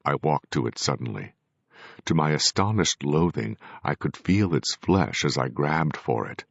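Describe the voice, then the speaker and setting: A man narrating a novel in first person, measured and grave. His voice is extremely deep and gravelly. The sound is dry and dull, with a lo-fi, muffled top end. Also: lively intonation, no room sound. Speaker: audiobook narrator.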